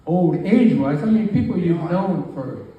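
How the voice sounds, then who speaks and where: A man's voice: high voice, expressive, moderate pace, narrow, tinny audio. A man in his nineties giving a rambling, joking speech at his own birthday party, teasing the guests. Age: 90s. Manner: joking, rambling, self-deprecating. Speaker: birthday speaker. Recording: far-off mic in an echoey room with faint ambient noise.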